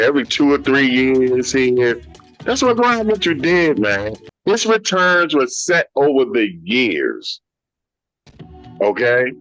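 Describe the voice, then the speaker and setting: A man's voice: mid-range voice, bright, forceful tone. A man co-hosting a sports talk show, making emphatic, informal points in a heated debate.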